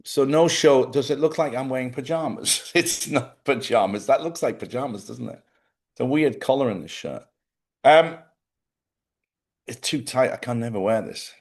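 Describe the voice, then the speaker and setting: A man hosting a livestream from a small studio, chatting in a loose, rambling way. He jokes and drifts off topic, with a sleepy edge, at a mid pitch. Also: lively intonation, moderate pace. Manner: jokey, chatty, wanders off topic. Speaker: host of a live show. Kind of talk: rambling casual livestream chat.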